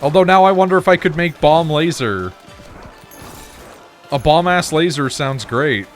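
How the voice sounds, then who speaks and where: A man's voice: a little high, unhurried, faint music behind. A man casually commenting on a game he is playing while chatting with his viewers, loose and profane. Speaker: streamer.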